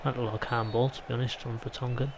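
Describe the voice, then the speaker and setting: A man from England speaks fast and flatly in a mid-range voice, with background noise present. The gaming YouTuber is commentating on his own football game play in a chatty, rambling way, dropping in mild asides.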